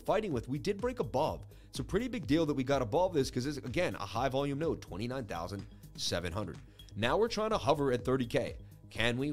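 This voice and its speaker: A man at a middle pitch hosts a casual market-analysis show. He rambles conversationally with a self-assured, teacherly manner as he works through the charts. Faint music runs quietly behind his voice. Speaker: host.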